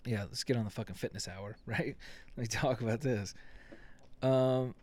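A young man hosting a casual solo podcast, rambling and swearing, acting out quick quotes with jokey asides. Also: mid-range voice, darkish tone, dry recording. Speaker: podcast host.

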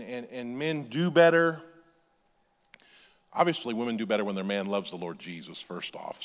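A man's voice: mid-range voice, fairly bright tone, long reverb tail. A male pastor preaching a sermon in a conversational way, with off-the-cuff asides and restarts.

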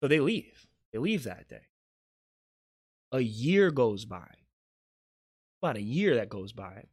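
A man from South Carolina hosting a podcast and telling a spooky story in casual chat, animated, swinging between loud and hushed. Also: medium pitch, slow, husky. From Beaufort, South Carolina. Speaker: podcast host.

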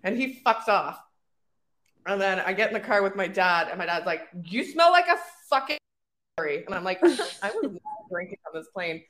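A woman's voice: mid-range voice, lively intonation, moderate pace, a bit bright. A young Canadian woman co-hosting a podcast, telling frank, profane stories in casual chat. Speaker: podcast co-host.

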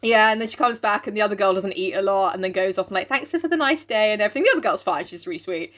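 A woman's voice: mid-range voice, rapid-fire, a bit bright. A young woman, co-hosting a podcast and retelling a story in a chatty, giggly way full of fillers. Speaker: podcast co-host. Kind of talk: casual chat, retelling a story.

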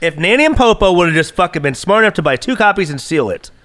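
A man's voice: high voice, fast talker, dry recording. A young man hosting a podcast, chatting casually, joking and swearing freely. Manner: animated, profane and joking. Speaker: podcast host. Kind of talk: casual chat.

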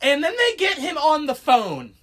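A woman's voice: high-pitched, wildly swooping pitch, normal speed. A woman co-hosting a podcast, chatting casually and rambling with plenty of fillers and laughter. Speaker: podcast co-host. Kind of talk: casual chat.

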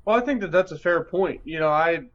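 A man's voice: a little high, lively intonation, a little fast. A man on a Bible study panel answering thoughtfully and often restarting his phrases. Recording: slightly dull, lo-fi audio.

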